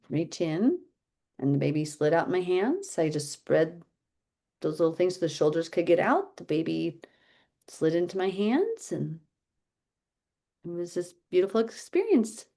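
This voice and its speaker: A middle-aged woman leading a casual Bible teaching chat, telling stories in an animated, chatty way. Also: sits low, measured pace, pauses often. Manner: chatty, animated storytelling, laughs often.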